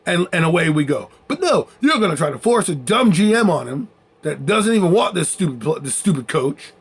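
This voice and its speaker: A man's voice: a little high, big pitch swings, a little fast, husky. A man ranting as a sports commentator, heated and sarcastic, mocking and repeating his points for emphasis. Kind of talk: fired-up sports rant.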